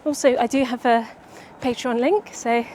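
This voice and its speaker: A young woman writer chatting casually about her book outdoors by the seaside, a little out of breath and halting, with many restarts. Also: a little high, steady tone, background noise. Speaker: writer vlogger.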